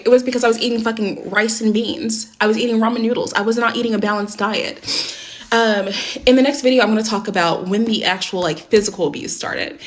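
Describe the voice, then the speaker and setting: A young adult woman telling a personal story to camera in a casual storytime vlog, candid and blunt, swearing often and filling with "like". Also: medium pitch. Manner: candid, heavy swearing, many "like" fillers.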